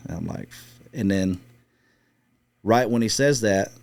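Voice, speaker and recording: In an interview, a middle-aged man who once served as a Marine scout sniper relaxes into a long, profane story and acts out the radio chatter. He sounds animated and a little slow, with a fairly low, creaky, darkish voice.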